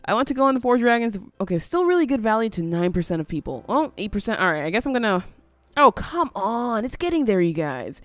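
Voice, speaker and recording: A woman's voice: a little high, big pitch swings, fast talker, no room sound. A woman casually commentating as she plays a building game, thinking aloud with frequent little laughs. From US, near Canadian border. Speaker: gaming video host. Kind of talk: casual let's-play commentary.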